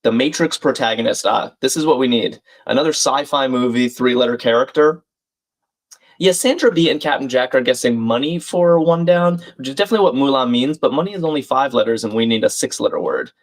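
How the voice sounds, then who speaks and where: A man streams himself solving a crossword live, chatting casually as he thinks out loud, reads clues and viewer names, and throws friendly asides to his chat. His everyday middle-pitched voice is a little fast with lively intonation.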